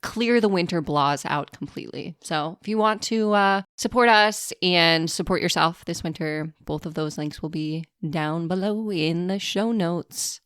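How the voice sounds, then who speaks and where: A woman co-hosting a podcast in an enthusiastic, encouraging tone. Her voice sits fairly low and sounds smooth and resonant. The recording is dry, with little room sound. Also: measured pace, few pauses, a bit bright, no room sound. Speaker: podcast co-host. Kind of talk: casual podcast chat.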